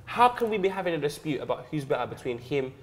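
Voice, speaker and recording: A man's voice: a little high, sing-song, fast, slight background noise. A young man co-hosting a casual chat, upbeat and chatty as he asks viewers to comment. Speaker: co-host.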